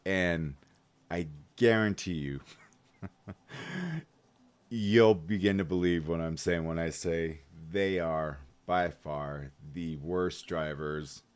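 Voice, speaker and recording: Rambling, heated low-voiced man. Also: slow pace, clean tone. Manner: rambling, heated storytelling with swearing. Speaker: vlogger. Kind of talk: casual rant to camera.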